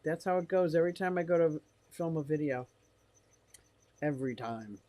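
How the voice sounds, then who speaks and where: A man's voice: on the high side, moderate pace, mellow, no room sound. An older man live-streaming from his fish room, rambling casually and reading comments from the chat aloud.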